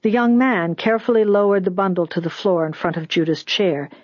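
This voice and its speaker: An audiobook narrator reads a story with even, deliberate pacing. The voice is husky and breathy. The recording is dry and slightly dull. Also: medium pitch, no room sound.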